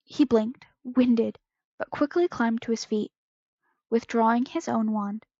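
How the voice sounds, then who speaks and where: A woman's voice: on the high side, measured pace, mellow, no room sound. A woman reading fan fiction aloud in an unpolished way, stumbling and correcting herself, on a close home microphone with a slightly dull, lo-fi sound. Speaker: podfic reader.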